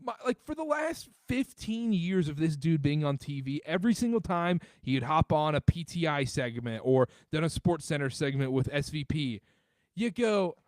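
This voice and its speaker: A man from the American South hosting a casual sports podcast, talking in an animated way and jumping up in pitch when excited. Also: normal speed, no echo. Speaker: podcast host.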